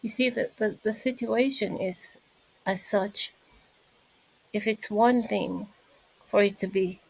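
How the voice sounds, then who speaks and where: A woman vlogger talks to her viewers in an emphatic, repetitive way, leaning on each point. Her delivery is slow and deliberate, at a mid pitch, and the recording sounds close and dry. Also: gravelly, slightly rough, no echo, poor audio. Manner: emphatic and repetitive, addresses listeners directly. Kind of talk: casual commentary monologue.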